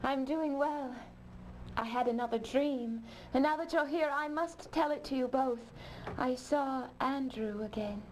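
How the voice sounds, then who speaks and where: An actress playing a pale, dreamy young woman in a 1990s game, speaking softly and wistfully with a put-on British accent. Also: sits high, measured pace, a little hiss or hum, low-quality recording. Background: game music.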